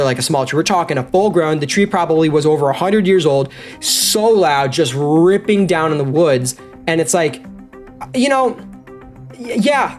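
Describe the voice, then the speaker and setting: Man, podcast guest, excited storyteller, slightly high voice, faint music behind. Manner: animated, excitable, talks to listeners directly. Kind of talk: casual storytelling.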